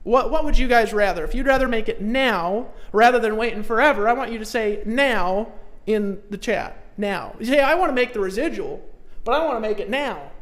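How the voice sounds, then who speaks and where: A man running a live-stream sales pitch, talking straight at his viewers in an emphatic, folksy way. He circles back to the same points again and again and keeps urging the audience to commit. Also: lively intonation, a little fast, a bit bright. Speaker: online marketing trainer hosting a live stream.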